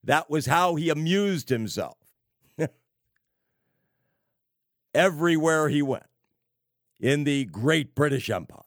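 A man preaching on prophecy, slow and emphatic, with sarcastic asides and wry laughs. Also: on the high side, lively intonation, a bit bright, no echo, clean studio sound. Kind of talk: prophecy sermon.

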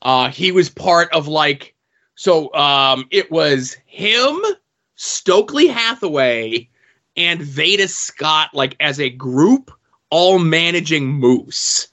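Man, bright forceful voice, slightly high, casual podcast storytelling, muffled lo-fi sound. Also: lively intonation, takes it slowly. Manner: storytelling, swearing, playful teasing. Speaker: podcast co-host, show insider. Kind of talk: casual chat.

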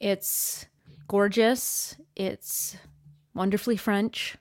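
A woman from Canada chatting casually as a guest on a video call, bubbly and laughing often, with quick asides. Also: mid-range voice, fairly even intonation. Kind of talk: casual chat.

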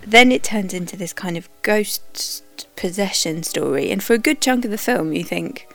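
A woman reviewing a film for a podcast, talking candidly and with animated opinions. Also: mid-range voice, normal speed, creaky, faint music behind. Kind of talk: conversational narration.

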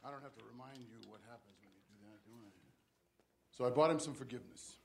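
An actor playing a scheming middle-aged crime boss in a video game cutscene, smooth and taunting with a threatening edge. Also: male voice, medium pitch, a little fast, noisy background, close to an everyday voice. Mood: menacing. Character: scheming older male crime boss, menacing and sarcastic.

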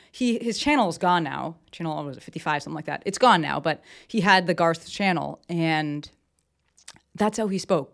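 A woman's voice: low-pitched, creaky. A woman hosting a casual solo podcast from her desk, talking enthusiastically and rambling with lots of fillers and restarts. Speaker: podcast host. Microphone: desk mic with camera.

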